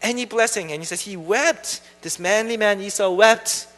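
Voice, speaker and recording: High, bright-voiced preacher in an echoing hall. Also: male voice, moderate pace. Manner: casual, chatty retelling with fillers. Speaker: pastor. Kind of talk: sermon. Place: church hall.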